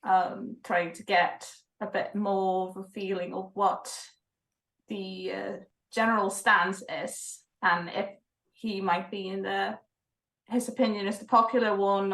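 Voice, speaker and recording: A woman's voice: mid-range voice, fairly even intonation, unhurried, a bit bright. A woman with a mid-range voice plays in a tabletop game, polite and thoughtful, working through her questions in long sentences. Her voice comes through with noticeable room echo. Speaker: player. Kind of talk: casual tabletop game play.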